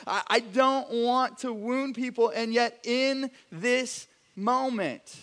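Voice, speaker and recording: A young man preaching in a church sanctuary. His voice sits a little high, and his delivery is animated and chatty, full of restarts and playful asides. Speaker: pastor. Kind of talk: sermon.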